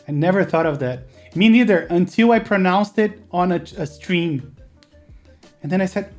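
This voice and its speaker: A man's voice: sits high, normal speed, faint music behind. Chatty Brazilian man streaming a build. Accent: Brazilian Portuguese. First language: Portuguese. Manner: chatty, laughs often, answers chat while working. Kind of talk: casual live-stream chat.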